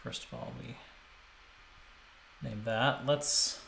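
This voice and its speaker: Casual male streamer, slow unhurried delivery, roomy sound with instrument playback behind. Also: medium pitch, fairly even intonation, creaky, fairly bright tone, slight background noise. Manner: thinking aloud with frequent restarts, chatting to viewers. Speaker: streamer arranging music. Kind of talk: casual live-stream commentary. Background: musical instrument playback.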